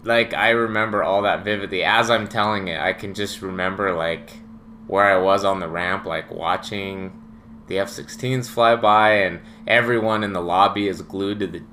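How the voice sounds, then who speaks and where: Man, podcast co-host, lowish voice with bright edge, reflective recall. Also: fairly even intonation, moderate pace, slight background noise. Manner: reflective, uses many quoted asides. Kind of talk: casual conversational storytelling.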